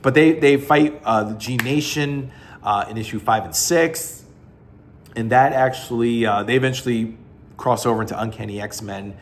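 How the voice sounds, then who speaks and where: A man's voice: medium pitch, moderate pace, a little hiss or hum. A man giving a casual, rambling spoken review of a comic book collection, blunt and full of fillers and restarts.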